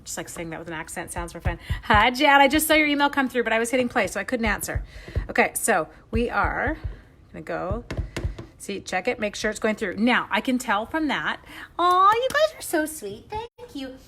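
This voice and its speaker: A woman's voice: mid-range voice, lively intonation, a little fast, a bit bright, slight background noise. A middle-aged woman chatting through a live stamping demonstration, greeting viewers by name with playful asides. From Canada. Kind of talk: live-stream crafting demo.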